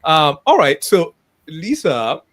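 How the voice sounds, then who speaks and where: A man's voice: fairly high pitch, wildly swooping pitch, slow pace, a bit bright. A man from Nigeria hosting a live interview podcast, chatty and laughing easily as he greets viewers by name. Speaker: podcast host.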